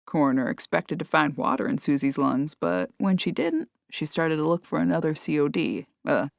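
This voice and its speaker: A woman voicing a calm male sheriff with a slight Southern drawl in an audiobook. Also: sits low, moderate pace, gravelly, no room sound, studio quality. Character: middle-aged southern male sheriff, calm and matter-of-fact.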